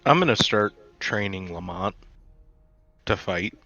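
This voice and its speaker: A man speaking as a tabletop player, hesitant and halting with many restarts. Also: lowish voice, expressive, sharp tone, faint music behind. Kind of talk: in-character tabletop play. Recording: dull lo-fi dry recording.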